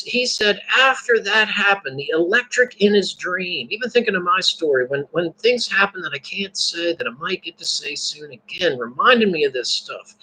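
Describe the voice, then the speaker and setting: A man giving a casual, candid talk about faith, animated, swearing and laughing often. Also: high voice, slightly rough, poor audio.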